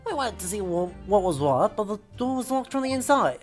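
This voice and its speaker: A woman's voice: medium pitch, sing-song, a little fast, faint music behind, lightly acted. A woman voicing a petty male Victorian thief with a put-on Cockney accent, protesting his innocence in street slang.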